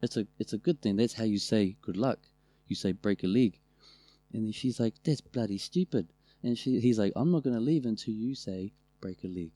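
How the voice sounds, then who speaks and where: Kiwi guy on a podcast, mellow voice, swears heaps, dry mic. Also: fairly low pitch, moderate pace, no echo. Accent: New Zealand. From New Zealand. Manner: animated, swears a lot, acts out family members' voices. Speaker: podcast co-host. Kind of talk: casual storytelling chat.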